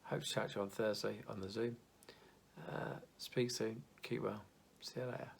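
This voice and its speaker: Young man, church youth leader, casual video devotional, gravelly tone, earnest and reassuring. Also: lowish voice, flat delivery, moderate pace, slight background noise.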